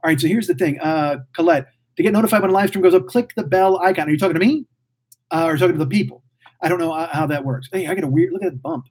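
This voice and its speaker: This podcast host in his forties talks quickly in a high-leaning voice with a darkish, breathy tone. Reading chat on a casual livestream, he rambles and swears, blurting out whatever comes to mind in a mouthy, motor-mouthed way.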